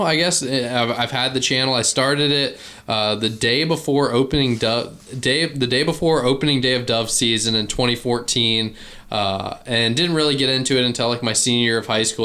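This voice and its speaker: A man in his early twenties from Virginia with a light Virginian accent, a guest chatting in a relaxed, easygoing way. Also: medium pitch. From Virginia, USA. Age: early 20s. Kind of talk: casual chat.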